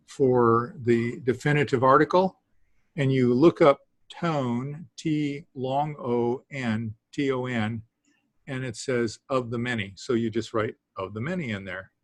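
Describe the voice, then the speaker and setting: Man, teacher, slow pace, halting with fillers, dry close sound. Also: medium pitch, dry recording. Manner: halting, with many fillers and small laughs. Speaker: Greek teacher. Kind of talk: classroom lesson.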